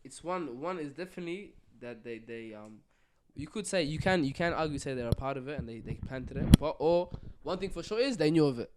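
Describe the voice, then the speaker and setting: A man's voice: fairly high pitch, animated, a little fast, few pauses, a little mellow, a little hiss or hum. A young man co-hosting a podcast, talking in casual chat, often restarting and ending lines with "cuz". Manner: hesitant, circles back with fillers and "cuz". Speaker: podcast co-host.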